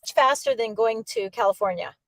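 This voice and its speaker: Lively, upbeat American woman guest. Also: mid-range voice, fairly quick, no echo, faint music behind, poor audio. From United States. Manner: upbeat, emphatic. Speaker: guest author and mentor. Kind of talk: casual interview chat.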